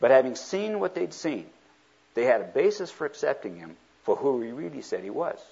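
A man preaches a sermon with a husky, slightly rough voice. His pitch rises and falls in big swings as he acts out the speakers he quotes. The recording is dull and lo-fi. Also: big pitch swings, brisk, dark tone.

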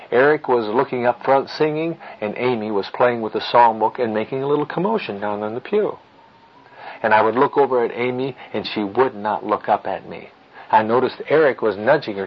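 A middle-aged man giving an earnest teaching talk with personal stories, in a measured, firm, fatherly way. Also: medium pitch, lo-fi sound. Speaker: Christian parenting teacher.

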